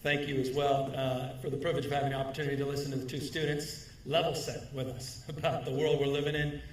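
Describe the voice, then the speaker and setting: A middle-aged man giving a formal speech at a podium, leaning on emphatic repetition and a measured rhetorical delivery. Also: medium pitch, flat delivery, a little hiss or hum. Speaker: governor giving an award speech. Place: large hall, speaking at a podium. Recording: echoey hall, mic at a distance.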